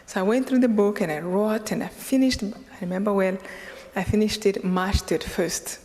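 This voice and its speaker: A woman from Rwanda tells her story to a live audience as a guest speaker, laughing often and playing out both sides of a conversation. Her voice sits at a middle pitch and trails into the long reverb of a lecture hall. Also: moderate pace. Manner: lively, laughing often, acting out dialogue.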